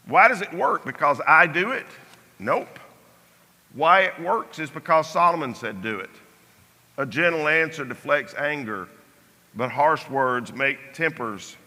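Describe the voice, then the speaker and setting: An older man teaches a Sunday Bible class, slow and measured, and his voice drops soft on the key phrases. His tone is bright and sharp-edged and sits a little high for a man. The sound carries a long church-hall reverb.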